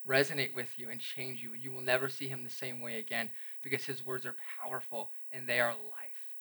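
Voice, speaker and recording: A man preaching a sermon to a church congregation, earnest and conversational, rising to emphatic peaks and dropping quiet again. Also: medium pitch. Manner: relatable asides to the congregation. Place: church service.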